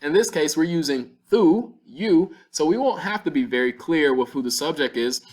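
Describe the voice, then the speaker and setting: A man's voice: fairly high pitch, animated. Patient male Spanish teacher. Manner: patient, step-by-step explaining with slowed-down Spanish examples. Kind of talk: classroom-style language lesson.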